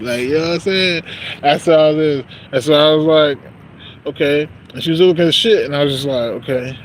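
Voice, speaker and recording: A man's voice: a little high, fairly quick, noisy background. A young man venting in a casual, profane, rambling rant about work, repeating bro and you know what I'm saying, outdoors by a street.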